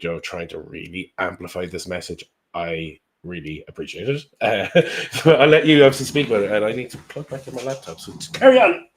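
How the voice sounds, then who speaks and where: Irish male host, low-ish voice, relaxed and informal, good for a casual podcast chat. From Limerick, Ireland. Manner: relaxed, informal, with lots of fillers like "like".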